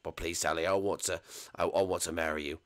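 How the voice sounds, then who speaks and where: Gruff lovesick prison boss in a low croon, a man puts him on, gravelly edge, game role-play. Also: flat delivery, quick pace. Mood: pleading.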